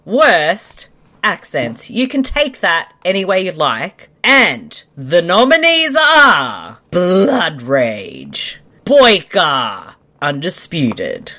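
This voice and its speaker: A woman co-hosts a casual podcast, presenting a mock award with dry, sarcastic humor. Her voice is fairly low for a woman and swings widely in pitch, and she laughs easily between lines. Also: wildly swooping pitch, extremely slow, bright, forceful tone. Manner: wry, laughs, playfully sarcastic. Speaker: podcast co-host.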